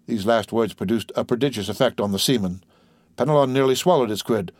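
A man's voice: mid-range voice, fairly quick, no room sound, clean studio sound. A man reading a classic novel aloud as an audiobook narrator, evenly and steadily. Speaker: audiobook reader. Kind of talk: scripted narration.

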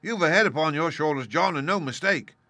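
A man voicing a jittery, superstitious pirate in rough sailor dialect. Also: on the high side, lively intonation, a little fast, bright, forceful tone, no echo, voice pushed up. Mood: relieved.

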